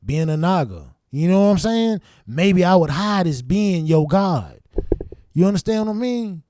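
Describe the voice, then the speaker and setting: A man hosting his own show, telling a story in a casual, profane, animated way and acting out his younger self's reactions. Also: sits high, moderate pace, no room sound, clean studio sound. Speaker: show host.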